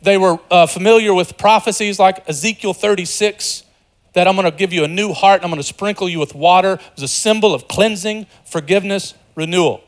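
A pastor preaching a sermon in an animated, conversational way, joking with the congregation and dropping to a hushed voice for quieter passages. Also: male voice, high-pitched, brisk. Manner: animated, swings between loud emphasis and hushed, softer passages.

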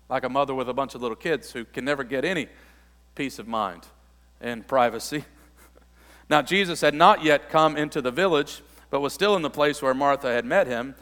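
A man preaching a sermon, reading scripture aloud and then explaining it, building to emphatic, forceful peaks. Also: medium pitch, brisk, long reverb tail. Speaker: pastor.

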